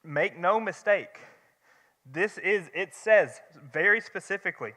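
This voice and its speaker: A man's voice: high-pitched, measured pace, sharp tone. A young man teaching a church Bible study in a conversational way, with rhetorical questions and restarts. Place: church hall. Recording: long hall reverb.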